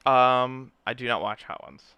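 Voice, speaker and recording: In a casual chat, a male co-host narrates stories with animated energy, leaning heavily on "right?" and "dude." He speaks a little slowly in a smooth, medium-pitched voice, and the recording is echo-free but muffled.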